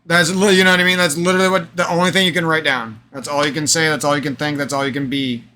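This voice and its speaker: A man in a rambling, profane vlog monologue, with repeated phrases and a slightly hoarse voice. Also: a little high, flat delivery, fast talker, pushed and bright. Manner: profane, emphatic, repetitive, rambling. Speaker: vlogger. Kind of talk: unscripted ranting vlog monologue.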